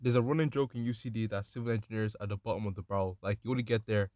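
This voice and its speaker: A young man, a university student, chiming into a casual chat with quick, joking asides. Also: fairly low pitch, fairly even intonation, darkish tone, dry recording, clean studio sound.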